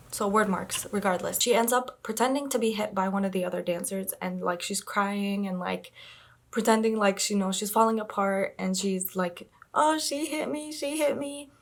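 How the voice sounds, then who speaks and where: A young woman in a casual reading vlog, chattily rambling through a plot recap with lots of filler words. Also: medium pitch. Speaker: book vlogger.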